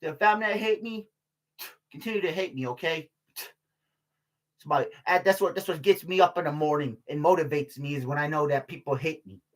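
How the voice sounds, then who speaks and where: A man's voice: on the high side, moderate pace. Profane rambling older man. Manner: profane, rambling, many fillers and restarts; laughs between remarks. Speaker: vlogger. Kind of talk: casual rambling monologue.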